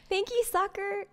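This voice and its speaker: A high, soft-spoken woman chatting unhurriedly to her stream viewers, breaking into giggles often. Her voice carries a long reverb tail, with faint piano music behind it. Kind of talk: casual live-stream chat. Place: home streaming setup.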